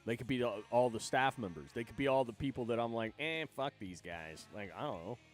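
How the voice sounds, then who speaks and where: Guy rambling on his stream, cussing a lot, laughs a bunch, normal pitch, bit of music in the back. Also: fast talker. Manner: rambling, profane, laughs often. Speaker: livestream host. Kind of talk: casual livestream chat.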